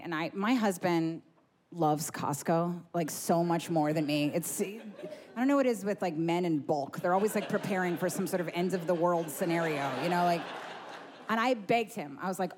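A woman's voice: lowish voice, moderate pace, noisy background. Brash, profane woman comic. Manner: brash, profane, filler-heavy. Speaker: stand-up comedian. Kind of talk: stand-up set.

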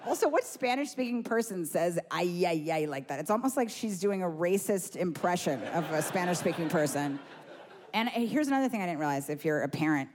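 A woman's voice: fairly low pitch, a little fast. A woman in her thirties doing a stand-up set, rambling through stories with lots of fillers. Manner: rambling, filler-heavy, animated storytelling. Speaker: stand-up comedian. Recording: noisy live recording.

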